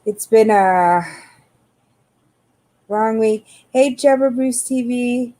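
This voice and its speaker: A middle-aged woman hosting a live chat, talking slowly and easily. Her voice is mellow and dark, a bit tired, and she keeps pausing to greet viewers one by one. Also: a little high. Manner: relaxed, unhurried, greets viewers by name. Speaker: livestream host.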